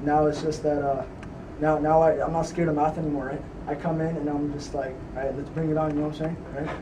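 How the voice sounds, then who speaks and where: A man's voice: on the high side, level tone, quick pace, recorded from a distance, background noise. A teenage student talking casually and keeps tagging his sentences with "right?" and "like". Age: teens. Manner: chatty, says "right?" and "like" a lot. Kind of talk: casual testimonial.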